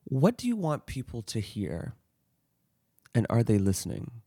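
A man's voice: medium pitch, huge pitch swings, unhurried, long pauses, mellow, breathy edge, no room sound, clean studio sound. A man hosting a podcast interview, talking in a thoughtful way with many fillers and restarts. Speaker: podcast host. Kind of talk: conversational interview.

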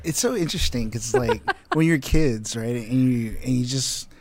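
A man's voice: medium pitch, moderate pace, a little mellow. A young adult man in casual chat, telling a school story with easy laughs and restarts.

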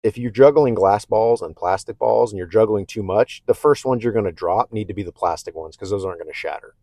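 A man with a lowish voice talks through a casual self-help podcast monologue in a candid, reflective way. He restarts sentences and often checks in with the listener by asking "okay?". The sound is close and dry, with no room echo. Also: a little mellow. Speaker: podcast host.

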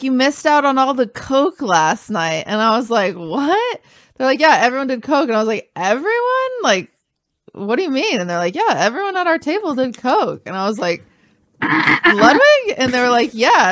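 A young woman hosting a casual podcast chat, telling her side of a story in an animated, indignant way. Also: a little high, dry recording. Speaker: podcast host.

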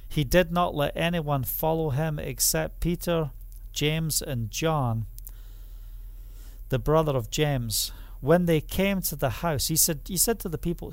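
A man preaching a sermon, emphatic and repetitive, who builds up to loud exclamations. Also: a little high, a little slow, no room sound.

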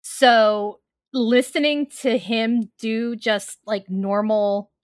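A woman talks on a casual podcast, agreeing with the others and adding her own thoughts. Her voice sits fairly high. The sound is dry with no room echo. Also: steady tone. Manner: chatty, quick agreeing interjections. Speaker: podcast co-host. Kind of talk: casual chat.

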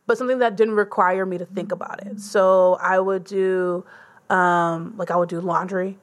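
A woman's voice: lowish voice, fairly even intonation, moderate pace. A young woman hosting a casual chat, loose and conversational with many fillers.

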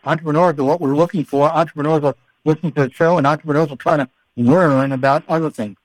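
A man's voice: a little high, fairly even intonation, quick pace, no room sound. A man hosting a podcast in casual, playful banter, joking and often repeating his words. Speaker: podcast host.

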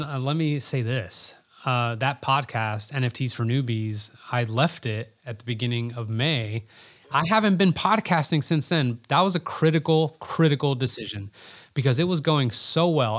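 A man's voice: medium pitch, normal speed. A man guest on an interview podcast, talking in an earnest, reflective way and often repeating words for emphasis. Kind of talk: casual interview talk.

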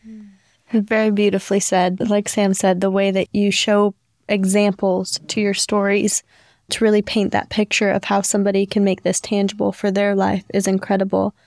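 A woman hosting a podcast, asking measured questions. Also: medium pitch, a little mellow, no echo, clean studio sound. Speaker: podcast host. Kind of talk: interview questions.

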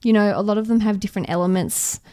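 A woman's voice: mid-range voice, fast talker, warm tone, no room sound, clean studio sound. A young Australian woman co-hosting a podcast, chatting in a bubbly, casual way and laughing easily. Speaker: podcast co-host, radio journalist.

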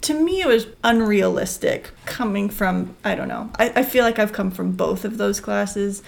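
A woman's voice: medium pitch, moderate pace, creaky. A woman guest on a podcast in casual chat, hesitant and searching for words.

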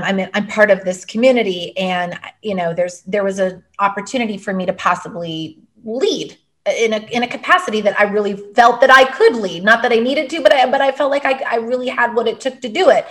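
A woman's voice: mid-range voice, brisk. A woman hosting a podcast, chatting casually and filling her speech with words like "like". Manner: chatty, lots of fillers like "like". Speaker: podcast host. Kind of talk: casual chat.

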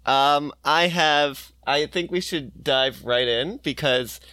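A man's voice: fairly high pitch, takes it slowly, sharp tone, no room sound. A young man co-hosting a casual comedy podcast, joking, laughing often and swearing casually. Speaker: podcast co-host and editor.

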